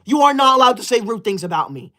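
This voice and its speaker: A performer doing a strict, self-important young streamer who lays down the rules and scolds rude viewers in a huffy, indignant tone. The voice sits at a middling pitch and fits a comedic character livestream. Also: sing-song, fast, bright, forceful tone. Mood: scolding. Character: prim bossy young streamer obsessed with school. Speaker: livestream host reading super chats.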